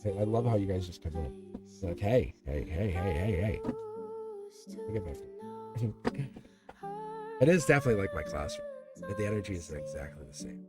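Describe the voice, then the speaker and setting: A man's voice: low voice, animated, fairly quick, pauses often. A man giving a live-stream tarot reading in a chatty, teasing way, often laughing. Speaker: tarot reader. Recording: music playing behind the voice. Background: background music.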